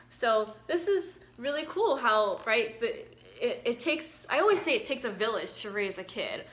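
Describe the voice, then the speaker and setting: A woman's voice: fairly high pitch, very animated, normal speed, hardly any pauses, slight background noise. Chatty woman reading a picture book. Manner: chatty, warm, encouraging, many fillers. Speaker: physician reading to children.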